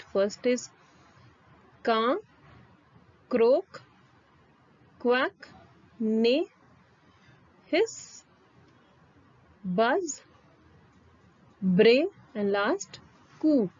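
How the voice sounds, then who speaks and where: A woman's voice: on the high side, a little mellow, dull audio. A woman teacher, reading a lesson aloud to young children and spelling out words letter by letter.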